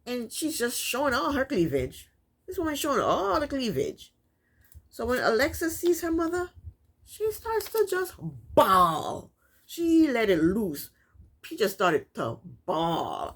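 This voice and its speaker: Woman recap vlogger, high-ish voice, very lively pitch swings, sassy and chatty, filmed at home. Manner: sassy, chatty, laughs at the show. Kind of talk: casual recap commentary. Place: at home, fan running nearby.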